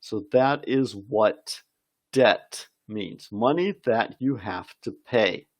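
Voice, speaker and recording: Slow-talking English teacher man. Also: lowish voice. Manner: slow, encouraging, reads out viewer comments. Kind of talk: live-stream English lesson.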